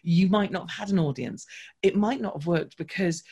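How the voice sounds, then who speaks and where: A woman, a guest on an interview podcast, telling a personal business story in a lively, fast-flowing way with frequent restarts. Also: on the low side, slightly rough. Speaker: podcast guest, marketing coach.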